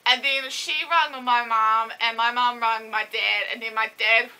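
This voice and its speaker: A young woman sits and tells a personal story to her camera. Her voice is fairly high and sharply bright. She talks casually, pausing and restarting as she holds back tears. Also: fairly even intonation, smooth, rough recording. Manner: emotional, halting, fighting back tears. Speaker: vlogger. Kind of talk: casual story-time vlog. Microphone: camera mic, seated.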